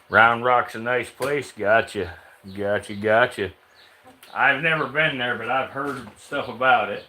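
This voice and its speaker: A man's voice: mid-range voice, a little slow, sharp tone, slight background noise. A man streaming live with his reptiles, chatting casually with viewers and teasing his snakes like buddies.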